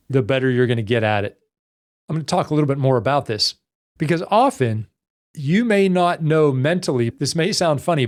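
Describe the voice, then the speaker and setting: A man's voice: mid-range voice, darkish tone. A man talking as a leadership coach, earnest and conversational, telling client stories and acting out what people said. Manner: earnest, conversational, acts out quoted dialogue. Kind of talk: coaching talk with anecdotes.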